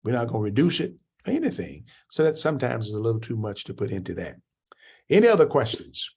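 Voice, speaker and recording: A man's voice: huge pitch swings, fast talker, darkish tone, slightly rough. An older man teaching a church class on anger, preaching and answering questions from the group. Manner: preaching, acts out quoted speakers with rising pitch.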